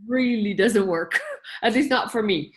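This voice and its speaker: Woman guest, choreographer, lively and chatty, mid-pitched, acts out little asides. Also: unhurried. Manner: animated, acts out her own quoted asides; laughs often, talks in loose running phrases. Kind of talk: conversational interview.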